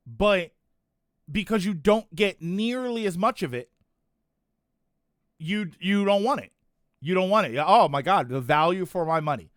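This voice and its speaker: A man's voice: sits high, fairly bright tone, dry recording, studio quality. A man streaming and chatting casually with viewers, rambling and correcting himself as he goes. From United States. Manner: rambling, self-correcting, chuckling asides. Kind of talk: casual chat reading chat comments.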